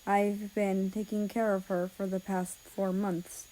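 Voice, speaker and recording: Grieving young male nurse, gentle and subdued, slow and quiet; a woman reads him in a storybook voice. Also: medium pitch, flat delivery, lightly acted, low-quality recording. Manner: soft, hushed, halting.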